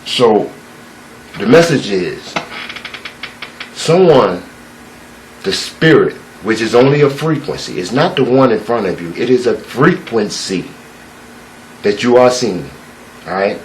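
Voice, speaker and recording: A man's voice: fairly low pitch, expressive, unhurried, pauses often, slight background noise, poor audio. A man telling a parable and giving a spiritual talk, loose, preachy and full of profanity.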